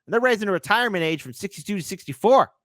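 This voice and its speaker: Sarcastic man with a lively voice. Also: high voice, very fast, dry recording. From United States. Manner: sarcastic, reads news aloud and mocks it. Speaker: political commentary host. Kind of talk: livestream news commentary.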